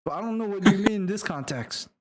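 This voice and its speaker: A man putting on a frantic squeaky army sergeant. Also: expressive, fast, a little hiss or hum. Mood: confused. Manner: frantic, stammering and swearing. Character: panicked young male army sergeant.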